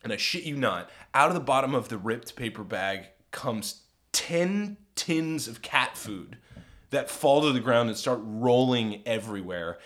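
A man's voice: mid-range voice, unhurried. A man co-hosting a podcast, telling a long story in casual chat and jumping into raised voices to act out what people said. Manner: animated, acts out quotes in raised voices. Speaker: podcast co-host.

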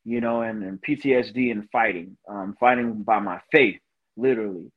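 Through narrow, tinny audio, a man with a lowish voice speaks at normal speed. He's a Marine veteran and motivational speaker on a podcast, telling his personal story earnestly and emotionally while often saying "you know."

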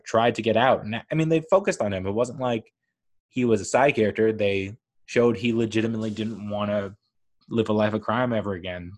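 A man giving a casual, rambling spoken review of a TV show, enthusiastic and full of fillers like "uh" and "like". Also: lowish voice.

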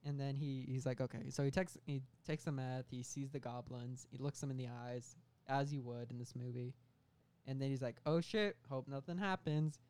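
Young man rambling through a pitch. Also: flat delivery, mellow. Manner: rambling storytelling with many fillers and quick bursts of put-on voices. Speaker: podcast co-host pitching a film idea. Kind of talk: casual comedic chat.

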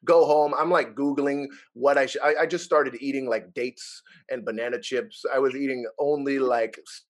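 A young man in casual chat, telling animated stories and acting out what people said, laughing often. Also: medium pitch, normal speed. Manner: animated storyteller, acts out quotes, laughs often.

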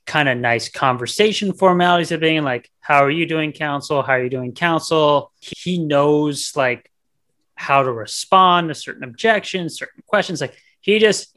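A man's voice: fairly high pitch, fairly bright tone. A man co-hosting a podcast, talking about a film in a laid-back, casual way. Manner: laid-back, says "dude" and "like" a lot. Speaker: podcast co-host. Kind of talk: casual film review chat.

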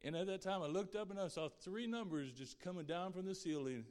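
A man's voice: sits high, a little fast, a little mellow. Earnest man's testimony in a reverberant hall. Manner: earnest and heartfelt, speaking of faith. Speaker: guest speaker sharing his testimony. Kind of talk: personal faith testimony.

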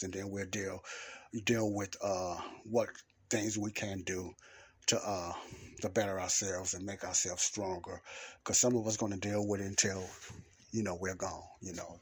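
A man with a low, somewhat husky voice preaches in a loose, conversational way. He circles back to the same phrases, stressing each point, and keeps checking in with his listeners. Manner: repetitive, emphatic, says "okay?" and "you know" often. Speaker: Christian podcast host and preacher. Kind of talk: casual preaching talk.

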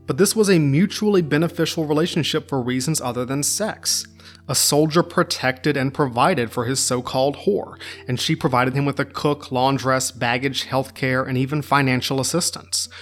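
A male history podcaster narrating in a mid-pitched voice, wry and irreverent, with casual jokes between facts. Faint music plays underneath. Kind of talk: scripted narration with jokey asides.

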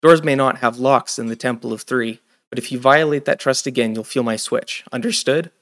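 A man's voice: medium pitch, normal speed, a bit bright, lightly acted. A man voicing a strict, cold male temple sage who lectures a boy in a storybook. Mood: stern. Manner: stern, clipped warnings.

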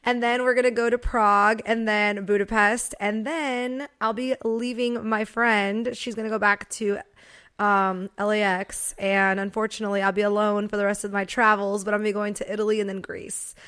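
A woman's voice: medium pitch, flat delivery, normal speed, fairly bright tone, smooth. A young woman co-hosting a podcast, chatting casually and rambling with lots of "like" fillers. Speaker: podcast co-host.

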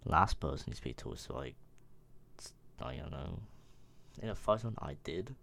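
A man's voice: rumbling low, animated, a little slow, gravelly, fairly bright tone. A young man casually reading questions aloud and answering them himself in an offhand, mumbling way. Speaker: vlogger. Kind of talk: casual Q&A vlog.

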